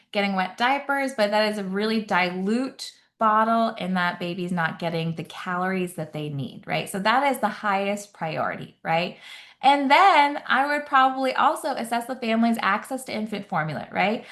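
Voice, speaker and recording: A woman's voice: a little high, fairly bright tone. Upbeat woman teaching a live webinar. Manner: upbeat, quizzing the audience with frequent "right?". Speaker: nurse practitioner educator.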